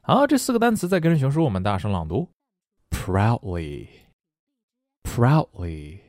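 A man's voice: fairly high pitch, racing, dry recording, clean studio sound. A middle-aged man hosting a recorded language lesson. He jokes as he explains words and reads example sentences aloud. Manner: lively and joking, switching between explaining and reading aloud. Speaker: English teacher.

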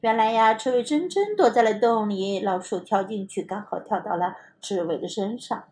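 A woman English teacher reading a children's story aloud in two languages, slow and expressive. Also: medium pitch.

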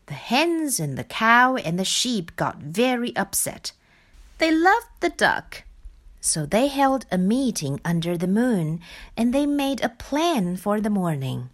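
A woman reading a children's picture book aloud in an expressive, sing-song storytelling manner. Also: a little high, slow pace. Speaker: storybook reader.

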